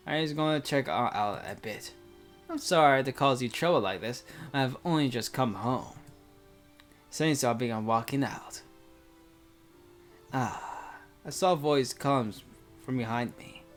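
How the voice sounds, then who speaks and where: A man's voice: medium pitch, animated, a little slow, soft background music. Casual male reader of a visual novel; rambles between lines with plenty of fillers, mid-range voice. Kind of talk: reading a visual novel aloud with casual commentary.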